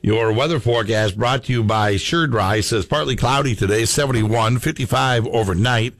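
A man's voice: mid-range voice, normal speed, a bit bright, dry recording. A man hosting a sports radio show, chatting casually and reading out listener messages. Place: radio studio.

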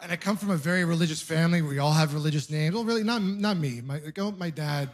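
A young man from Ontario doing a stand-up comedy set, telling stories deadpan with bursts of mock outrage. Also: on the high side, quick pace. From Ontario, Canada. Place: comedy club stage with audience laughing.

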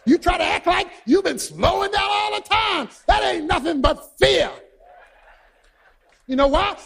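A man preaching a sermon who tells stories with energy, shouts his points and quizzes the congregation. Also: extremely high pitch, a little slow, creaky, a faint crowd. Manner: animated storytelling, shouting for emphasis, quizzing the congregation.

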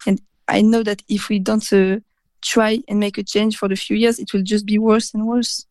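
Interviewee: young woman, flat mellow tone, dry sound, halting speech. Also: mid-range voice, dry recording. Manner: hesitant, many uhs and restarts.

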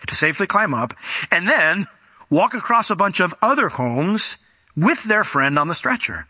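A man's voice: high voice, big pitch swings, moderate pace, pushed and bright, no echo. A man preaching a sermon in a conversational way, sometimes acting out the people in the story. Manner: conversational, acts out quoted voices.

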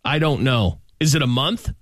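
Animated man joking on a radio show. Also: mid-range voice, normal speed, dry recording, clean studio sound. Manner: joking, animated, laughs often. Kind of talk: casual banter.

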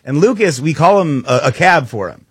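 A man's voice: on the high side, expressive, a little fast, a bit bright, husky, no echo, clean studio sound. A man casually telling a comic anecdote, chatty and loose with lots of "like".

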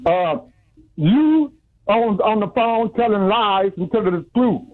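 A man calling a radio show, insistent and halting, heard over a muffled phone line. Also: high voice, animated. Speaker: caller.

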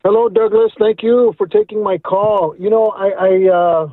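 A man's voice: high-pitched, fairly even intonation, moderate pace, dry recording. Earnest male caller on a tinny phone line. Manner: earnest, reflective, repeats words as he talks. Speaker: radio caller. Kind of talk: call-in comment.

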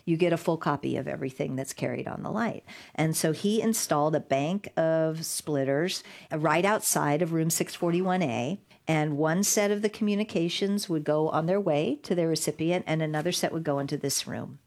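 Her voice sits low and creaky as she speaks at a normal speed. She's a middle-aged digital rights lawyer guesting on an interview, telling a lively story in which she performs the quotes with laughter.

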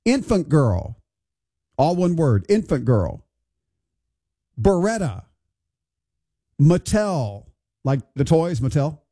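Bemused radio morning host, mellow voice. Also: male voice, on the high side, sing-song, takes it slowly, long pauses, breathy edge. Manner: bemused, wondering aloud, conversational. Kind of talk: casual radio chat. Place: radio studio.

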